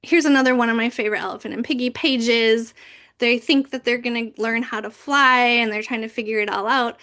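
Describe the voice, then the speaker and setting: A woman's voice: on the high side, fairly even intonation, a little fast, bright, forceful tone. A woman giving a training session on reading picture books aloud, breaking into big, playful voices for the characters. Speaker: library youth services manager.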